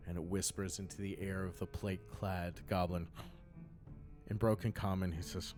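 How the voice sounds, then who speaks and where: A man as game master, narrating a tabletop game with measured, descriptive scene-setting. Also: sits low, little pitch movement, darkish tone, soft background music.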